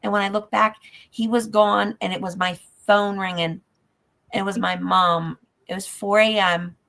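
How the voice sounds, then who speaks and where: A woman telling a personal dream story in a casual chat, halting and emotional, dropping softer at times. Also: mid-range voice, steady tone, vocal fry.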